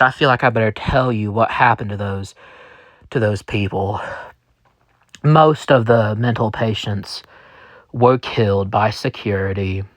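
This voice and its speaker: A man's voice: on the low side, no echo. A man telling a first-person story in character, rambling with many restarts and fillers.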